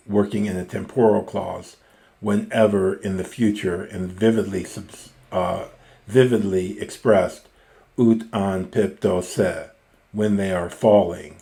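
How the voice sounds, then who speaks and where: Slow, mellow-voiced man teaching a reading lesson. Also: low-pitched, vocal fry. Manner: slow, methodical, reads lines aloud then parses each word. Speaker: Greek teacher. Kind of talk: reading lesson on a classical text.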